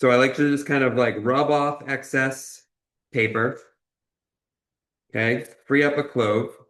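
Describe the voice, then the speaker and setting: A man's voice: mid-range voice, fairly even intonation, a little slow, fairly bright tone. Encouraging man chef, roomy sound. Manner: encouraging, checks in with a frequent "okay?". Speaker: chef and cooking instructor. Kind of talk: cooking demonstration. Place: kitchen.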